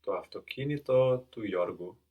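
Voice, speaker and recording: A man's voice: on the low side, animated, normal speed, phone-quality sound. A man answering as a student in a language lesson with short, careful phrases.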